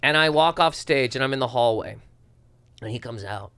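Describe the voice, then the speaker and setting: A man from eastern Canada, a comedian telling a story in casual chat, animated and acting out voices. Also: medium pitch, moderate pace, smooth. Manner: animated, swearing, acts out voices. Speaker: comedian guest.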